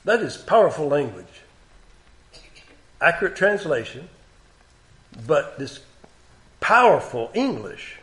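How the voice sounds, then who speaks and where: A man giving expository Bible teaching, reading old scripture aloud with growing force and dropping to quiet comments between passages. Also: fairly high pitch, big pitch swings, slow, pauses often. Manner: reads King James scripture aloud with rising force.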